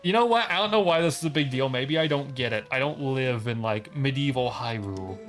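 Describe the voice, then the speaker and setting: A man's voice: mid-range voice, lively intonation, fairly quick, hardly any pauses, music in the background. A man streaming a video game, joking in casual commentary and reading the dialogue aloud in silly voices.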